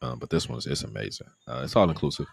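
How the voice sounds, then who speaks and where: Animated gravelly man telling a travel story. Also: fast talker, no echo. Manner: animated, acts out quoted people in a higher voice. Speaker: vlogger live-streaming his trip. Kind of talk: casual storytelling.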